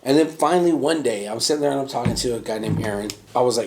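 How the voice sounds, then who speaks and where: A man's voice: mid-range voice, fast talker, vocal fry, hardly any pauses, a little hiss or hum. A man hosting a podcast, telling a profane workplace story in casual chat and acting out the quoted voices. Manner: animated storyteller, acts out quotes in raised voice; casual, profane, many fillers like "right?" and "you know". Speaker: podcast host.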